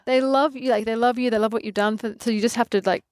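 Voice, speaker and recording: A woman in her twenties from Adelaide with an Australian accent, a fitness trainer telling lively stories in an interview, acting out quotes and laughing often. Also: a little high, quick pace, no room sound, studio quality. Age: 20s. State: pregnant. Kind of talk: casual interview.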